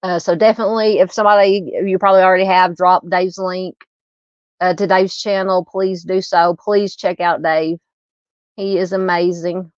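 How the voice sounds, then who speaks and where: A woman's voice: lowish voice, flat delivery, normal speed, clear, resonant tone, no room sound, lo-fi sound. Chatty Southern woman live-streaming. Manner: chatty, many fillers and restarts. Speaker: true crime channel host. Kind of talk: casual live stream chat reading comments.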